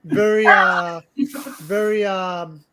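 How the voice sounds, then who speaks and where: A man's voice: high voice, fairly even intonation, slow pace, over a noisy crowd. An Australian man hosting a casual livestream chat, rambling and laughing often, repeating words as he talks. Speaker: livestream host.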